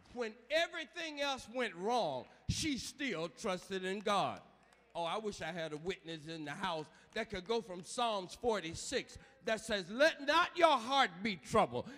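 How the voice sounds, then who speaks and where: High, lively preacher in a reverberant church. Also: male voice. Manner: call-and-response preaching, rising to shouts. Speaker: pastor. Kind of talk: funeral sermon. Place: large church sanctuary.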